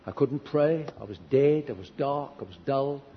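A man with a medium-pitched, breathy-edged voice preaches at a moderate pace in a church hall, giving a storytelling sermon. He earnestly recounts stories from his own life with self-deprecating, wry humor, and the recording is dull and echoey with faint hiss.

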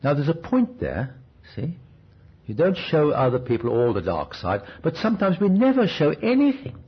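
A man's voice: a little high, very animated, normal speed, husky. A man preaching a sermon in a conversational, storytelling way, often asking the listeners questions. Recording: dull, restored cassette recording.

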